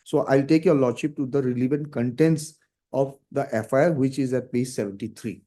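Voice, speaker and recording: A man's voice: medium pitch, moderate pace, mellow. A man arguing a case before a judge in a formal, deferential manner, reading documents aloud. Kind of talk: courtroom argument.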